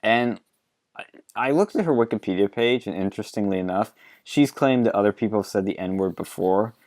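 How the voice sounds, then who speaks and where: Blunt low-voiced male podcast host. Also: brisk, a little mellow. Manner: blunt, profane, laughs often. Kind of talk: casual political chat.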